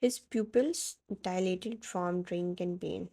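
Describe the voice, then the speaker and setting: A woman reads a romance story aloud in a steady, dramatic way. Her voice is warm and mellow, with a medium pitch. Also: moderate pace. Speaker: fan fiction narrator. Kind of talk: scripted narration of second-person fan fiction.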